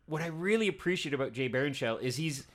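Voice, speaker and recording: A man co-hosting a casual film podcast, chatty and enthusiastic as he pitches this week's screenings. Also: lively intonation, fast talker, a bit bright. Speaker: podcast co-host, cinema programmer. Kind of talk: casual chat.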